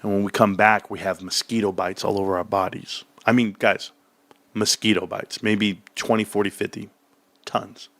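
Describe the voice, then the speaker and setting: A man's voice: normal speed, no echo. A man telling a childhood story in casual chat, laughing often and acting out voices. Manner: animated, acts out childhood voices in a high excited pitch.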